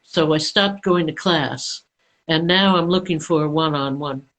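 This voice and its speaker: An actor guest chatting casually on a live stream, relaxed and a little hesitant. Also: medium pitch, measured pace, low-quality recording.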